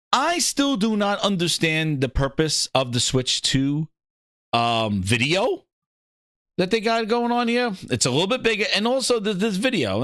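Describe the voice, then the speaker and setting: A man's voice: sits high, dry recording, studio quality. Laughing New York man hosting a stream. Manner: excitable, laughs often, animated. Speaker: host. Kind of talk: casual livestream chat.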